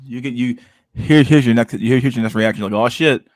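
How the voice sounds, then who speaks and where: A man hosting a casual chat show, telling stories in an animated, profane way and acting out everyone's reactions. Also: medium pitch, a little fast, dry recording. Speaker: podcast host.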